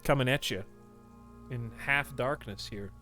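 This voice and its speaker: A man's voice: mid-range voice, measured pace, sharp tone, soft background music. A man streaming a game, rambling casually and talking straight to his chat. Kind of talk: casual livestream chat while playing a game.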